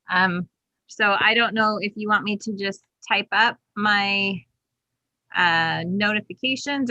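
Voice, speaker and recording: A woman's voice: medium pitch, pushed and bright, no room sound, highs cut off. A woman chairing an online meeting over a video call, explaining procedures step by step in casual talk.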